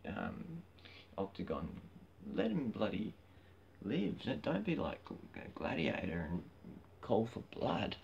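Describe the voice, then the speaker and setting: A man livestreaming from his phone, chatting casually and bluntly, cheeky and quick to get loud and heated. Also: lowish voice, wildly swooping pitch, creaky, highs cut off, a little hiss or hum. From Australia.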